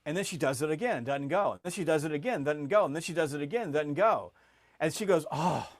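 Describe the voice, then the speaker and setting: As a podcast guest, a middle-aged man with a fairly high voice tells an animated sales story, his volume and pitch rising as it builds and his words frequently tumbling into quick restarts. The recording is close and dry, with no room sound at all.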